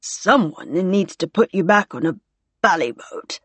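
A woman voicing a nervous male captain in an audiobook, hoarse and anxious. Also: mid-range voice, animated, slow pace, dry recording. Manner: tense, anxious.

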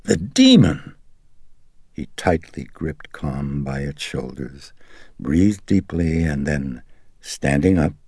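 A man narrating a horror novel in a slow, brooding, deliberate reading. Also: extremely low pitch, fairly even intonation, warm tone, slightly rough, no echo. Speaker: audiobook narrator.

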